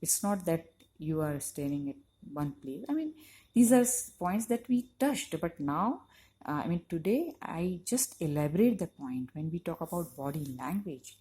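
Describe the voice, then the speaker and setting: A woman's voice: sits low, expressive, normal speed, mellow, breathy edge. A woman teacher, giving a conversational lecture to university students and leaning on "you know" as she explains. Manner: explanatory, emphatic on key points.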